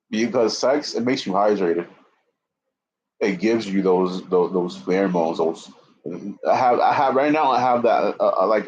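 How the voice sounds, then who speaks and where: A man's voice: deep voice, a little mellow. A man in his twenties rambling profanely on a live stream, repeating himself and slightly out of breath. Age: 20s. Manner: profane, repetitive, restarts often. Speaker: livestreamer. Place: indoor room with a fan. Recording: muffled lo-fi stream audio.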